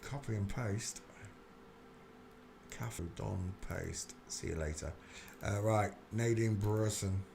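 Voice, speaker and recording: A man's voice: lowish voice, slow pace, vocal fry, long pauses, noisy background. A man hosting a livestream, muttering to himself as he clicks through searches in casual commentary. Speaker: livestream host. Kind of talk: casual live-stream commentary.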